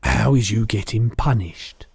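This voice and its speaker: A man doing the BFG, gravelly gentle giant. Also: fairly low pitch, no room sound, clean studio sound, heavily acted. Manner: mangled grammar, slow and loud. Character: huge kindly old male giant, soft-hearted.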